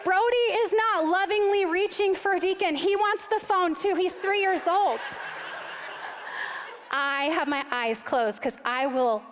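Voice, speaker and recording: A high-voiced woman in her thirties preaches from a stage, mixing animated, self-mocking storytelling with scripture. Her voice carries a long reverb from a large church hall. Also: unhurried, background noise. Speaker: speaker giving a sermon. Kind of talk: storytelling sermon.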